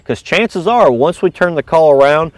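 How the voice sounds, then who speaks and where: A man's voice: on the high side, expressive, normal speed, no room sound. A man teaching goose calling in a casual, step-by-step coaching manner. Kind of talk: instructional video lesson.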